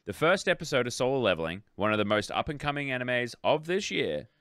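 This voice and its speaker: A young Australian man co-hosts a podcast in a clean studio recording with no room sound. His medium-pitched voice moves quickly as he chats casually, rambling, animated, and often interrupting himself.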